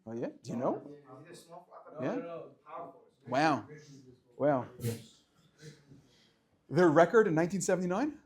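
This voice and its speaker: Animated high-voiced rabbi teaching class. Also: male voice, a little slow, long pauses. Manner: animated, swings between loud questions and quiet explaining, chats with students. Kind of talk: lively classroom Torah lesson.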